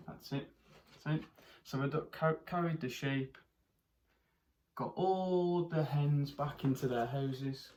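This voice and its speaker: A primary school teacher reads a picture book aloud to children, pausing to ask them questions and doing expressive character voices and animal noises. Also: medium pitch. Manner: pauses to ask young listeners questions.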